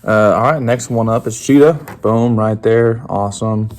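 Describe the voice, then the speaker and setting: A man chatting casually while unboxing game tokens, relaxed, laughing often, with plenty of fillers. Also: on the low side, normal speed. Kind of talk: casual chat.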